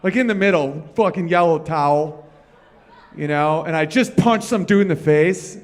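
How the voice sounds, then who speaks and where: A man's voice: fairly high pitch, moderate pace. A man doing stand-up comedy on a live stage, talking with the crowd and rambling through loose, profane stories.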